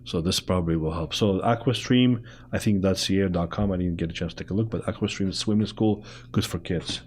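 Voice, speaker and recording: A man hosting a talk show, speaking English with a foreign accent in a chatty, animated way that jumps between topics. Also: low-pitched, fairly quick. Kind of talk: casual interview chat.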